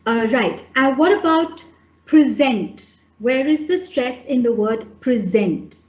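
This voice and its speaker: A woman's voice: high-pitched, expressive, a little slow. Woman teaching on an echoey webinar. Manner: explanatory, hesitant with fillers and restarts. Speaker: teacher trainer. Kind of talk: online webinar lesson. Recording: echoey, dull webinar audio.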